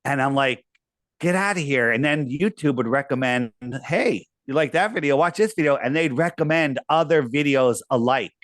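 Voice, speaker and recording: A man's voice: medium pitch, normal speed, hardly any pauses, a bit bright, no echo. A man being interviewed, talking casually and telling a long, rambling story with quoted asides. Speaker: podcast guest.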